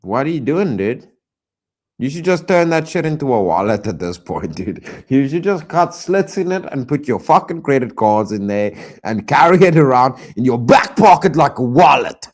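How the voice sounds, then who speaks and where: A man streaming reaction commentary, exasperated and loud, repeating himself and swearing often. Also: mid-range voice, very animated, moderate pace.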